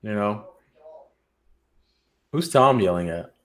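A man's voice: lowish voice, expressive, takes it slowly, fairly bright tone. An American man co-hosting a podcast roundtable, talking in a loose, joking, profane, rambling way. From United States. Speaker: podcast co-host. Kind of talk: casual roundtable chat.

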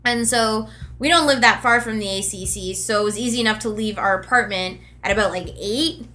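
A woman co-hosting a podcast, telling a story with lively asides and plenty of swearing. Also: mid-range voice, a little fast. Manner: animated, swears freely, tells stories with quoted asides. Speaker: podcast co-host. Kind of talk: casual storytelling chat.

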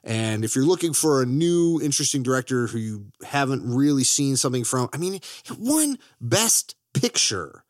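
A man's voice: mid-range voice, big pitch swings, normal speed, hardly any pauses, no room sound, studio quality. A man co-hosting a podcast, chatting enthusiastically about films, joking and swearing. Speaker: podcast co-host. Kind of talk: casual film chat.

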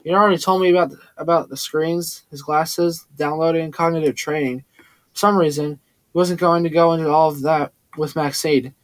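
A man's voice: fairly high pitch, steady tone, normal speed, no room sound. Male audiobook narrator, dry sound. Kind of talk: first-person audiobook narration.

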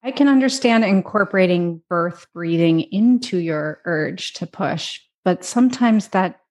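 A woman's voice: lowish voice, expressive, unhurried, darkish tone. A woman co-hosting a podcast, speaking emphatically in casual chat.

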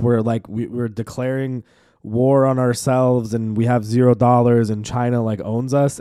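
A young man hosting a solo podcast, ranting in an animated, profane way full of fillers. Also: mid-range voice, normal speed, no room sound, clean studio sound. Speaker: podcast host.

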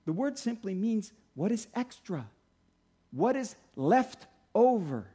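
A middle-aged male pastor preaching a sermon in a conversational way, slowing down to stress key points. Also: sits high, big pitch swings, mellow, slightly rough. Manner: conversational preaching, slows for emphasis.

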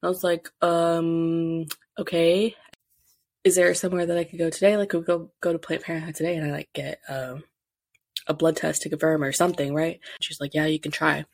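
A woman's voice: low-pitched, fairly quick, no echo. A young woman hosting a podcast, telling a personal story casually and animatedly, acting out what people said. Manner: animated, acts out quotes, many fillers. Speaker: podcast host.

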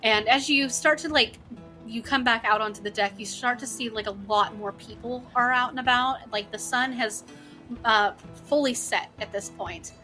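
Game master: a woman, bright and high-ish voice, loose rambling narration full of fillers. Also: moderate pace, soft background music.

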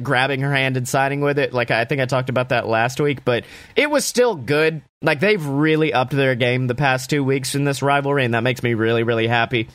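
Excitable man recapping wrestling, dry sound. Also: medium pitch, no echo. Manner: enthusiastic, swears casually, quick asides. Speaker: wrestling show reviewer. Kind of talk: casual recap commentary.

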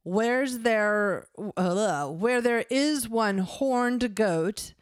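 A woman's voice: fairly high pitch, expressive, clear, resonant tone, no echo, studio quality. A woman voicing a flirtatious, sly male devil roommate, reading a fan script aloud. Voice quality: sly, teasing, drawn-out.

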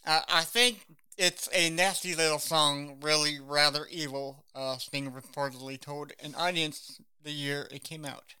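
A man's voice: a little high, steady tone, unhurried, sharp tone, clear, resonant tone. A man co-hosting a podcast, chatting casually about songs, hesitant with many fillers and trailing words. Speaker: podcast co-host.

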